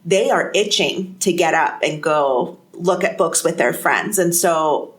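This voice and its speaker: A woman's voice: on the low side, measured pace. A woman school librarian, a guest on a podcast, talking casually and chattily with light laughs. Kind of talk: podcast conversation.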